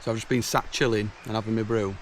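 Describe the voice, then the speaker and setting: Speaking fast in a lowish voice with fairly even intonation, a man tells stories to camera from his outdoor woodland camp. As a camping vlogger, he keeps things casual, and his anecdotes are chatty, blunt, and exasperated. Slight background noise is present.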